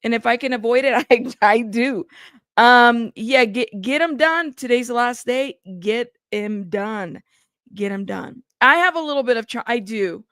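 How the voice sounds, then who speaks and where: Uma mulher apresentando uma live casual, conversando com o chat de forma tagarela, recomeçando frases, cansada e frustrada. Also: female voice, a little high, a little slow, a bit bright, clean tone, dry recording, clean studio sound. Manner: chatty, greets chat by name, rambling restarts. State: tired and frustrated. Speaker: livestream host.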